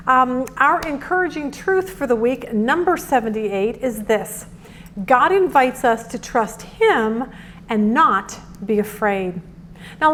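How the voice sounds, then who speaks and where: Animated woman teaching a Bible devotional. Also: high-pitched, slight background noise. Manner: earnest, animated, acts out quotes.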